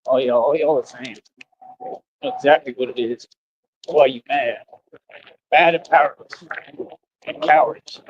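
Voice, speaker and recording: A man's voice: medium pitch, a little slow, pauses often, lo-fi sound, slight background noise. A man ranting boastfully and scornfully on a live stream.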